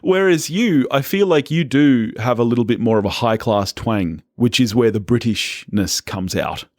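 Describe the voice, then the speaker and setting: An Australian man co-hosting a film podcast, chatty and quick to laugh in casual banter. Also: medium pitch, no echo, clean studio sound. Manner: chatty, laughs often, animated. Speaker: podcast co-host. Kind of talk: casual film-review chat.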